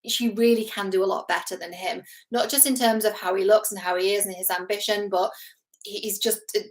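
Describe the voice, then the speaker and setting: A woman's voice: medium pitch, fairly even intonation, brisk, low-quality recording. A middle-aged woman talks casually to camera as a relationship coach. She is earnest and chatty, with a mid-range voice, acts out the lines she quotes and laughs at herself now and then. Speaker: relationship coach reacting to a TV series.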